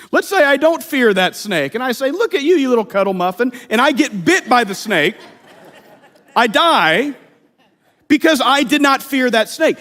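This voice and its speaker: A man in his thirties from Missouri preaching a sermon in a church, telling personal stories in a lively, humorous way. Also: very high-pitched. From Missouri, USA. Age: 30s. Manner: lively, humorous storytelling with playful asides. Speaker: pastor. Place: church sanctuary. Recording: long reverb of a church hall.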